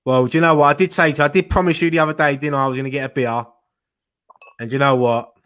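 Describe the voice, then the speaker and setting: A man's voice: medium pitch, fairly even intonation, rapid-fire, a bit bright, smooth. A man hosting a live fan chat show, joking and laughing a lot as he leads the talk. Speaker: host.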